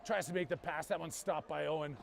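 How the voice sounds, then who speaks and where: Male youth hockey commentator with a high voice, quick calls and playful asides. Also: fairly even intonation, gravelly, noisy background. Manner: rapid play-by-play with jokey banter. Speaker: play-by-play commentator.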